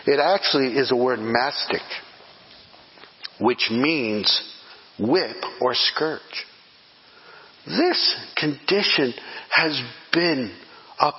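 A pastor preaches his sermon in a measured, unhurried way, building to loud emphatic peaks and then dropping to hushed near-whispers. His voice rings out with a long reverb through a church hall. The recording itself sounds dull and muffled. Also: mid-range voice.

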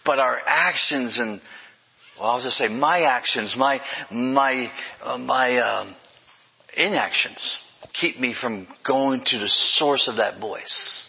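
A man's voice: medium pitch, takes it slowly, gravelly, slightly rough, long reverb tail, dull audio. An older man preaching a sermon as pastor, emphatic, with repeated refrains and self-corrections.

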